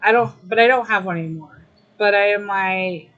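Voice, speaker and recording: A woman's voice: fairly high pitch, normal speed, a bit bright, highs cut off. A young adult woman livestreaming, chatting casually with her viewers, emotional and grateful. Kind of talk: casual live-stream chat.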